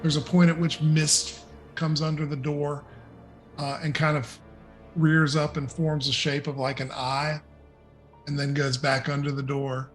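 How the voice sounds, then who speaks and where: An American man running a tabletop game as dungeon master, narrating scenes and switching quickly into characters. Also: on the high side, level tone, soft background music.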